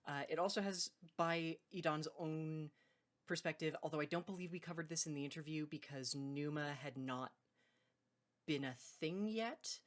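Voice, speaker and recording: A woman's voice: sits low, normal speed. A woman hosting a card game video, talking in a loose, rambling way and correcting herself mid-sentence. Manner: rambling, self-correcting, laughs between points. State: hiccuping. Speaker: card game video host and tournament judge. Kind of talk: casual unscripted video intro.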